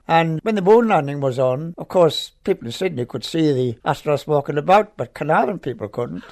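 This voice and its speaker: An older man with a Welsh accent, recalling his working years in a measured, explanatory way with some hesitant fillers. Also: on the high side. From Wales. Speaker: interviewee, retired solar observer. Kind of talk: interview recollection.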